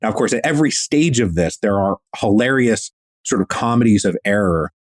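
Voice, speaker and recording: A man's voice: lowish voice, expressive, a little fast, no echo. A man guest historian telling a story in a casual, enthusiastic, slangy way, acting out quotes.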